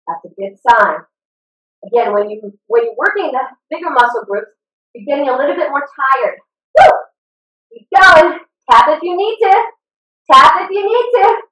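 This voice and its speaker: High, lively woman coaching a workout. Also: moderate pace, recorded from a distance. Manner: upbeat and encouraging, cheering with whoops. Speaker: fitness instructor. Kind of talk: live online workout coaching. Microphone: video call computer mic. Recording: echoey room, voice a bit off-mic.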